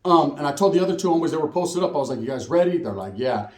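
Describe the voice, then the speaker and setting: A man's voice: fairly high pitch, lively intonation, rapid-fire, echoey room. A man telling a prison story in casual slangy street talk with Spanish words, acting out the other people's lines.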